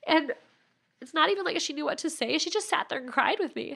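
A woman's voice: high voice, expressive, fast talker, gravelly, sharp tone. A woman in her thirties, a podcast guest candidly telling a personal story.

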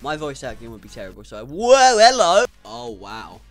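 A young man giving casual, sarcastic gameplay commentary, swearing and breaking into sudden loud outbursts. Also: on the low side, fast, faint music behind. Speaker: gaming YouTuber.

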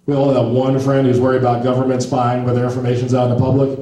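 A man doing a measured, observational stand-up set. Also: mid-range voice, monotone, mellow. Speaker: stand-up comedian. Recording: echoey room, mic from far off.

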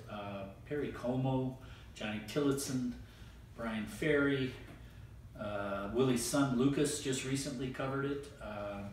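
An older man hosting a casual oldies chat, relaxed and rambling, pausing often to think. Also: mid-range voice, slight background noise. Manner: relaxed, rambling with frequent "uh" pauses. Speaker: host. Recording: echoey room, distant mic, music underneath.

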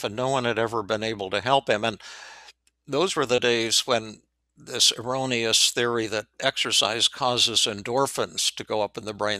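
Bright-voiced older man telling a case story. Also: medium pitch, no echo. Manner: animated storyteller, frequent restarts and repeated words. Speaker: psychiatrist guest. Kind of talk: storytelling in an interview.

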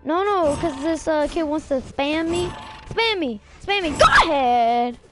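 A woman livestreams a game from home, her voice pitched high and full of excitable trash talk. She swings between loud outbursts and mumbled asides, with music playing steadily in the background. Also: measured pace. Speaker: game streamer. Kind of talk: casual live-stream commentary while gaming.

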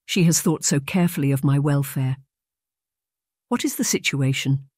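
A man voicing a gentle, anxious young governess who speaks quietly and politely in an audiobook. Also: mid-range voice, moderate pace, no echo, studio quality, close to an everyday voice. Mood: earnest.

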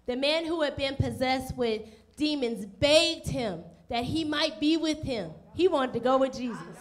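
High-voiced woman pastor preaching. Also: measured pace, some chatter behind. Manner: animated, acts out voices of people in the story; direct questions to the congregation. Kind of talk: sermon.

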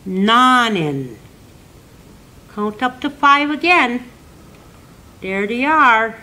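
An older woman, an elder teacher, giving a slow, gentle lesson for children, counting and singing and repeating words for learners to say back. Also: medium pitch, sing-song, poor audio.

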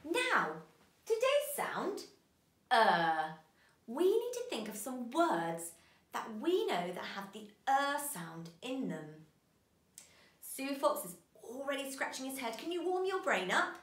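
Lively woman teaching phonics to kids. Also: high-pitched, reverberant. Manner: animated and encouraging, stretches sounds slowly. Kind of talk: children's phonics lesson.

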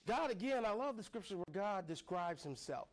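High-voiced playful male preacher. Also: expressive, fairly quick. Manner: playful, call-and-response, laughing often. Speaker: pastor. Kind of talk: sermon. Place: church sanctuary.

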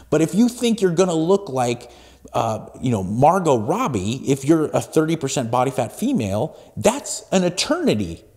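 A man in his forties hosting a solo podcast, giving motivational talk in an emphatic, blunt way that swings between hushed asides and loud pushes. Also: high voice. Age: 40s. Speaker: podcast host.

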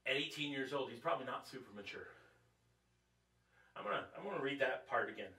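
A man's voice: mid-range voice, animated, fast, vocal fry, pushed and bright. A man preaching at a Bible study in a conversational, joking way, asking his audience questions as he goes. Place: church. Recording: echoey room, distant mic.

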